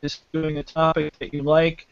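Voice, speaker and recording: A man hosting a live online panel show from home, talking casually and haltingly with many fillers and restarts. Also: on the high side, completely flat delivery, gravelly, over music. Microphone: video call. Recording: dull lo-fi glitchy internet audio.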